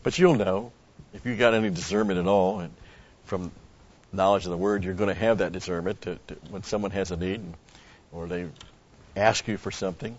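In a low male voice heard through lo-fi sound, a pastor works through a Bible passage expositorily. He speaks with deliberation and stops to unpack what Greek words mean.

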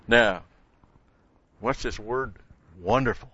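A man's voice: medium pitch, unhurried, pushed and bright, no room sound, muffled recording. A man giving an expository sermon, explaining Bible verses step by step and rising in emphasis on key words. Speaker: Bible teacher.

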